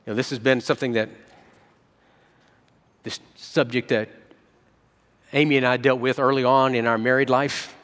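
A man preaching a sermon as a pastor, telling stories and jumping between soft low asides and excited quoted voices. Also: normal speed, pauses often, long reverb tail.

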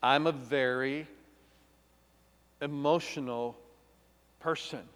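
A man's voice: medium pitch, steady tone, takes it slowly, clear, resonant tone. Emotional man, churchy reverb. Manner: emotional, storytelling, swings between loud and hushed. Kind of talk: personal testimony sermon. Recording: long reverb of a large hall.

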